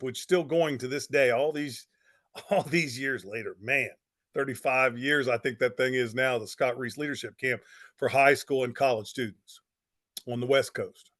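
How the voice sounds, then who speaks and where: A man's voice: mid-range voice, a bit bright. A middle-aged man telling a motivational story in a folksy, emphatic way, with lots of repetition. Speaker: speaker on network marketing.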